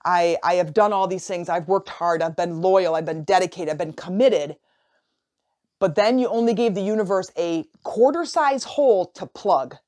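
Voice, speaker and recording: A woman hosting a motivational coaching podcast, telling a story in a casual, animated way, often repeating and restarting her phrases. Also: lowish voice, normal speed. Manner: animated, acts out imagined dialogue. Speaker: podcast host and life coach.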